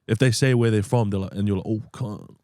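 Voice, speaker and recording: A man chatting casually with friends on a podcast, slangy and animated, often breaking into loud laughter. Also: fairly low pitch, a little fast, dry recording, studio quality. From Samoan heritage. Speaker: podcast co-host. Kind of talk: casual chat among friends.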